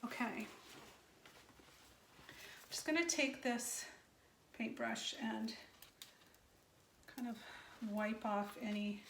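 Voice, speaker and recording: Woman craft vlogger, chatty and self-deprecating, slightly high voice, faint background noise, phone recording. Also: slow, long pauses, a bit bright, reverberant. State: out of breath. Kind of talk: casual tutorial talk. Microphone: phone camera.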